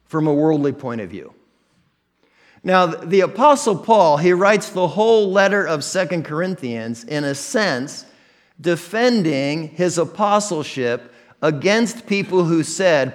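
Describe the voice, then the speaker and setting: Midwestern American pastor preaching conversationally. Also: male voice, on the high side, lively intonation, unhurried. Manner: conversational, self-deprecating, with many restarts. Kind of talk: sermon.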